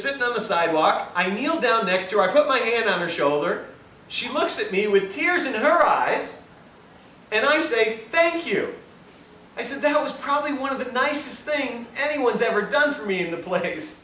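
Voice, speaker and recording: Bright-voiced man telling a story in a lecture. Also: extremely high pitch, moderate pace. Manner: animated, self-mocking storyteller. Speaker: health lecturer. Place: lecture room with audience. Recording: roomy, distant mic, faint hiss.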